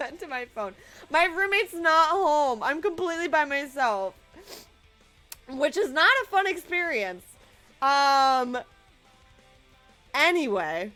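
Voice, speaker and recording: A young woman in her twenties telling a story to camera in a casual vlog, animated and swearing, often breaking into laughter. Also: sits high. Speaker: vlogger.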